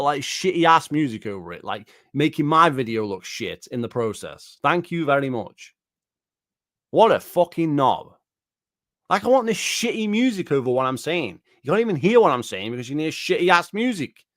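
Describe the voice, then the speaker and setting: A man's voice: medium pitch, fairly bright tone, no room sound, clean studio sound. A man, a gaming YouTuber ranting angrily and profanely, repeating himself as he reacts to a video. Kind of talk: angry reaction rant.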